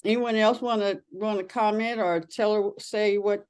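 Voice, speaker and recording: A woman's voice: medium pitch, fairly even intonation, normal speed, darkish tone, smooth. A woman with a mid-range voice chats casually with her co-hosts. She reassures, rambles through her points and leans on fillers, in an easygoing conversational tone. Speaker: co-host. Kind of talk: casual group chat.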